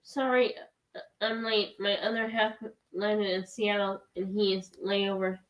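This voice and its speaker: A woman's voice: mid-range voice, little pitch movement, measured pace, highs cut off. A woman co-hosting a casual craft livestream, reading viewer comments aloud and adding short agreements. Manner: relays viewer comments, brief affirmations. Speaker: co-host reading chat.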